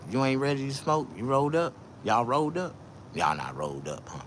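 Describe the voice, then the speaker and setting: A man's voice: mid-range voice, big pitch swings, fairly quick, slight background noise. Boisterous, profane man telling stories. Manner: loud, profane, boisterous banter. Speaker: vlogger. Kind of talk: casual livestream storytelling.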